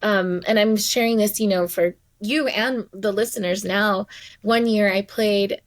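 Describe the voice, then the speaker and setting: A woman's voice: mid-range voice, steady tone, a little slow, no echo. A woman hosting a podcast interview, telling personal stories in an earnest, conversational way. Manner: earnest, storytelling. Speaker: podcast host. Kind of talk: casual interview talk.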